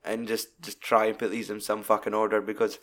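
A man's voice: lowish voice, brisk. Sweary Scottish man reviewing a film. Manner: sweary, animated storytelling. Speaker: podcast host. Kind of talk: casual film review chat.

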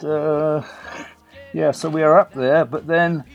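A man's voice: a little high, steady tone, slow pace, vocal fry, highs cut off, faint music behind. An older man from England recounting a story in a chatty, anecdotal way, with fillers and restarts. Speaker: guest. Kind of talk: conversational storytelling.

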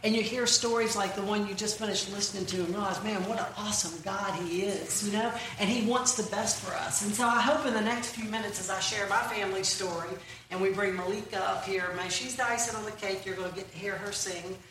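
A woman's voice: mid-range voice, steady tone, a little fast, a bit bright. A middle-aged woman telling folksy jokes with punchlines and quizzing the crowd, speaking to a church audience. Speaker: Christian comedic speaker. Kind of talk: comedic church talk. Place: large church hall. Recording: very echoey hall, distant mic, room noise.

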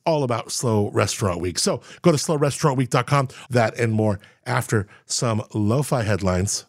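A man's voice: mid-range voice, normal speed, no room sound, studio quality. A man hosting a casual radio show, joking with himself in playful asides. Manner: playful, self-mocking, jokey asides. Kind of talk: casual morning radio chat.

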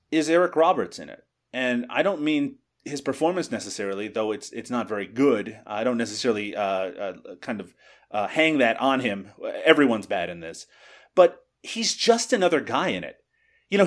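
Chatty man reviewing a film. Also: on the high side. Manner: hesitant, lots of fillers and restarts. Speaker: podcast co-host. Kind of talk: casual movie review chat.

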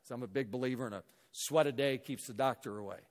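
A middle-aged man from Missouri giving a motivational talk to a hall audience, telling an animated story and acting out the dialogue. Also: medium pitch, quick pace. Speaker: guest speaker. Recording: echoey hall reverb.

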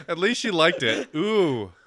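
Young guy with a bit of a lisp, joking around, higher voice, super dry sound. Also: fairly bright tone, breathy edge, no room sound. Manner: teasing, laughing, mock-quoting. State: slight lisp from bitten cheeks. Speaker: podcast co-host. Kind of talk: casual chat.

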